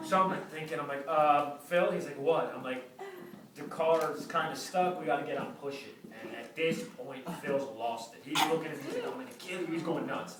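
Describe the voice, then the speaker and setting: Guy telling a funny story to a crowd, high lively voice, far off mic in an echoey room, loud laughs. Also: a little fast. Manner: animated, acts out quotes in funny voices. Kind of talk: live comic storytelling. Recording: distant mic, roomy echo, loud crowd. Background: audience laughter.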